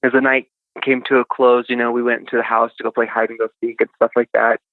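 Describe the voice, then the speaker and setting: A man's voice: medium pitch, level tone, quick pace, no room sound. A man recounting a childhood experience as a podcast guest, rambling with lots of fillers over a tinny phone line. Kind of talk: casual storytelling.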